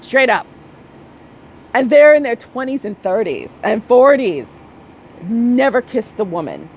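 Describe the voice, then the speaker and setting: A woman's voice: a little high, very animated, unhurried, breathy edge, poor audio. A woman in her thirties talking bluntly and emphatically in a casual monologue, repeating her points and often tagging on "okay?". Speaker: spiritual vlogger.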